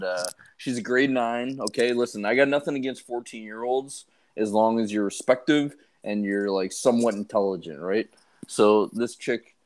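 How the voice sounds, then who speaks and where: A man's voice: fairly low pitch, a little mellow. A man chatting casually and bluntly, swearing as he starts a work story. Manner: blunt, profane, chiming in. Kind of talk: casual chat.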